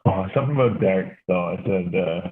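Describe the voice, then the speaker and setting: A man's voice: low-pitched, brisk. A man from Canada, a podcast host telling a story in casual chat, rambling with lots of fillers and swearing. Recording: tinny phone-like sound.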